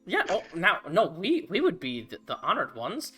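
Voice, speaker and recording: A man's voice: sits high, wildly swooping pitch, moderate pace, sharp tone, soft background music, voice pushed up, full character voice. A man voicing a flustered, chatty female gnome cleric who stammers eagerly.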